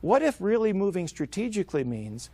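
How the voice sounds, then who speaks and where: High-voiced man giving a seminar talk. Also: fairly quick. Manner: energetic, acts out quoted voices. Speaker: business speaker.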